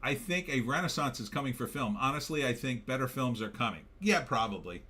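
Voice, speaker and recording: A man's voice: mid-range voice, lively intonation, fairly quick, bright, forceful tone. A tired man hosting a livestream, ranting in a casual way and reading out chat comments. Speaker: livestream show host.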